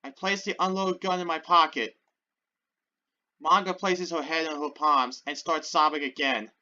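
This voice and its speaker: A woman playing a visual novel, reading the text aloud and reacting with loud exclamations. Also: moderate pace. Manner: excitable, exclaims loudly, drops to a low voice for narration. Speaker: let's play gamer. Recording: dull lo-fi audio over game music.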